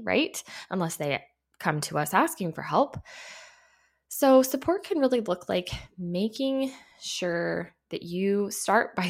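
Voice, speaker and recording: A young adult woman, a behavior analyst hosting a podcast, tells a candid story in a chatty, self-deprecating way and laughs as she talks. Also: on the low side.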